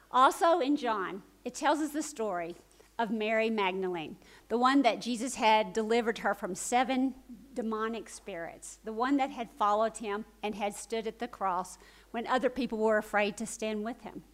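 A woman preacher retelling a story in a sermon, swinging from urgent, animated telling to hushed, soft emphasis. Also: a little high, moderate pace, low-quality recording.

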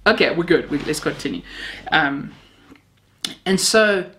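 A woman's voice: deep voice, animated, measured pace, a bit bright. A woman from Namibia, preaching a sermon built on personal stories, heartfelt with a self-mocking sense of humor.

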